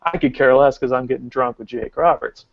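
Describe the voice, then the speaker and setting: A man in his thirties tells a wild story on a podcast, his voice gravelly and fry-heavy. He rambles excitedly and leans on "like" constantly. The recording is dry but slightly muffled. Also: mid-range voice, a little fast, no echo. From Arkansas. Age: 30s. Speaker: podcast co-host. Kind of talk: casual storytelling.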